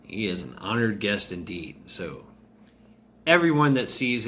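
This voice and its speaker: Slow, rambling male storyteller. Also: lowish voice, very animated, sharp tone, a little hiss or hum. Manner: rambling, many fillers and restarts. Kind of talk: casual spoken storytelling.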